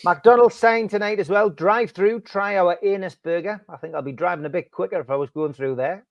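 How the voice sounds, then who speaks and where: A man's voice: sits high, fairly quick, no echo. A man hosting a fan podcast, chatty and cheeky as he reads out jokes. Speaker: podcast host. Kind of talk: casual chat reading out jokes.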